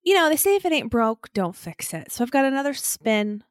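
A woman co-hosting a casual podcast from home, telling a kitchen story in an animated way. Her pitch is fairly high and swings a lot. The sound is dry and close. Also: a little fast, no room sound. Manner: storytelling, animated, laughs often. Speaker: podcast co-host. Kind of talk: casual chat. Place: home, separate from co-host.

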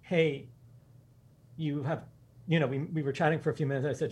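A man with a slightly husky, somewhat high voice tells stories to his podcast hosts. He speaks with eager energy and laughs often. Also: fairly even intonation, a little mellow. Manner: enthusiastic anecdotes, quick, laughing. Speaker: guest. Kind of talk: storytelling in a casual interview.

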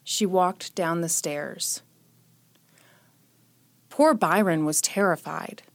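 A woman's voice: lowish voice, slow, gravelly, no room sound. A woman hosting a podcast who tells a true crime story and chats in a jokey, sarcastic way, short on sleep. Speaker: podcast host.

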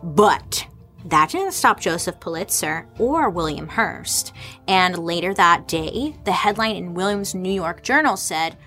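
A woman's voice: on the low side, animated, a little slow, bright, forceful tone, soft background music. A woman hosting a casual comedic history explainer, irreverent and sarcastic, swearing freely and tossing rhetorical questions at her audience.

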